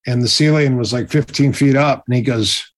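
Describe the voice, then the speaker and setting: A man telling stories in a casual interview, animated and acting out the other people's voices. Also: mid-range voice, moderate pace. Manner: animated, acts out quoted voices. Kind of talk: casual storytelling.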